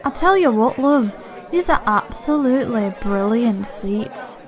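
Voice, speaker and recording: A woman's voice: a little high, expressive, measured pace, faint music behind, a faint crowd. A woman playing a blunt, homely theatregoer who calls everyone love.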